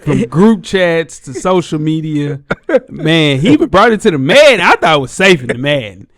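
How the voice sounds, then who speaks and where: A man's voice: a little high, normal speed, no echo. A man hosting a casual sports podcast in a studio, telling stories with lots of laughter. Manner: animated storyteller, laughs often. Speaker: podcast host.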